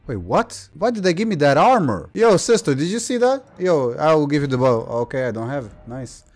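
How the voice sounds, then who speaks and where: A man giving excitable let's play commentary, swearing and ranting at the game. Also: on the high side, a little fast. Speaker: gaming youtuber. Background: faint game music.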